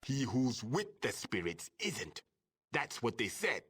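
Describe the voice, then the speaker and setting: A man voicing a gruff tribal warrior who speaks in clipped broken grammar with a gravelly voice. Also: medium pitch, big pitch swings, slow pace, fairly bright tone, heavily acted.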